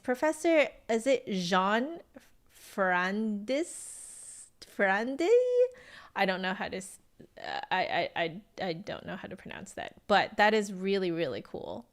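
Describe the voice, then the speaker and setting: A woman's voice: medium pitch, animated, measured pace, fairly bright tone. Chatty American woman flutist. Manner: chatty and friendly, with many ums and likes. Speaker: flutist streamer. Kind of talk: casual livestream chat answering viewers.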